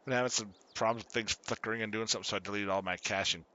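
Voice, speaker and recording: A man giving casual commentary while streaming a farming game, chatty and quick to laugh as he greets his viewers. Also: on the low side, fairly even intonation, bright, forceful tone, lo-fi sound. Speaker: gaming streamer.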